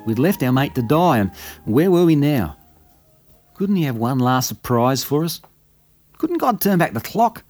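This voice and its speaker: A man's voice: mid-range voice, sing-song, measured pace, long pauses, darkish tone, soft background music. A man with an Australian accent, telling a story in a folksy, conversational bush-yarn manner as scripted radio narration.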